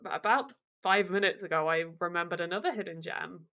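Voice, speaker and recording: A woman's voice: on the low side, a little fast, sharp tone. A woman hosting a casual chat, telling stories with frequent giggles. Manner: chatty, giggly storyteller. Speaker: host.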